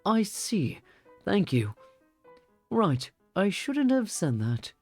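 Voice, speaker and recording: A man's voice: high voice, big pitch swings, slow, a little mellow, breathy edge, faint music behind, voice pushed up, heavily acted. A man voicing a timid young male student in a fake British accent, reading a visual novel aloud. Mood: polite.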